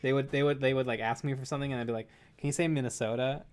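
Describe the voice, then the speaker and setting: A man's voice: medium pitch, fairly even intonation, racing. A man co-hosting a painting livestream, chatting casually and thinking aloud as he paints. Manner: chatty, musing aloud while painting, joking. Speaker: co-host of a painting stream. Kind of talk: casual chat while painting miniatures.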